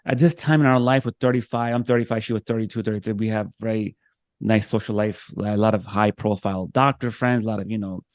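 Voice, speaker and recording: Appearing as a guest on a video call, a man speaks quickly in a fairly low, steady voice, with no room sound in the recording. His personal story comes out emotionally, full of quoted voices he performs and many restarts.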